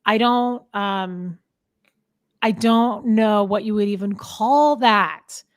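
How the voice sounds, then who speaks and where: A woman's voice: mid-range voice, takes it slowly, no room sound, studio quality. A woman in her thirties, a show host, talking heartfelt and emphatic in casual chat, often trailing off and restarting.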